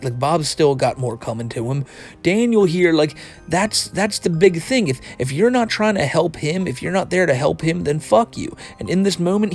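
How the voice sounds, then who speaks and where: A man's voice: fairly high pitch, vocal fry. Male host, loose rambling commentary with lots of cursing and restarts; faint music under him. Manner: rambling, profane, restarts a lot. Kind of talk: casual video commentary.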